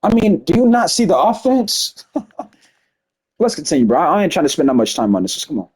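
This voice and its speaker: A man with a fairly high, very lively voice talks viewers through a game replay. His speech is fast, emphatic and conversational. He keeps checking in with them as he makes his points. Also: breathy edge. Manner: fast-talking, emphatic, keeps asking "you see what I'm saying". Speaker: gaming video commentator. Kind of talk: casual gameplay breakdown.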